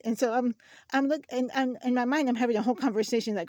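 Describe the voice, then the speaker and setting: A woman's voice: on the high side, fairly even intonation, fast talker, mellow, no room sound, studio quality. A woman hosting a craft channel, chatting casually through a shopping haul and telling stories with many restarts. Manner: chatty, storytelling, frequent restarts.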